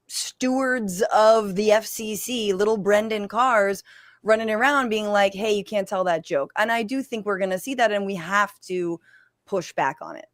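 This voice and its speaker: A woman political commentator and comedian joining a panel by video call. She talks quickly and emphatically, sliding jokes into her points. The sound is dry and close, with no room around it. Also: mid-range voice, no room sound.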